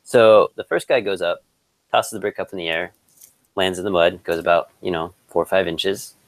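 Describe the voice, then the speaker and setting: A man with a very low voice chats casually and tells jokes at an easy, slow build. The sound is dry and close, with no room around him. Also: steady tone, no room sound, poor audio. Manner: laid-back, chuckles often, tells jokes in a slow build-up. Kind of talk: casual chat.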